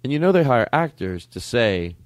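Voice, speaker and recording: A man hosting a comedy podcast in casual chat, jumping into high mocking voices as he riffs. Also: big pitch swings, moderate pace, no echo. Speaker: podcast host.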